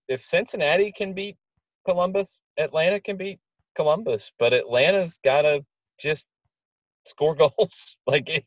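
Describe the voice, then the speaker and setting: A man's voice: on the high side, no room sound. A man co-hosts a casual soccer podcast, offering blunt takes on the teams. He often repeats a word or two before landing his point, and the recording sounds dry and close. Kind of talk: casual sports analysis.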